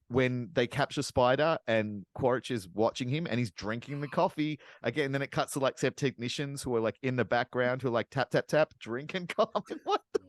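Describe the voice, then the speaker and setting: A man's voice: medium pitch, no room sound. A man co-hosting a podcast, ranting sarcastically about a film with plenty of swearing. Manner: animated, sarcastic ranting with profanity. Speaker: podcast co-host. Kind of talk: casual podcast chat.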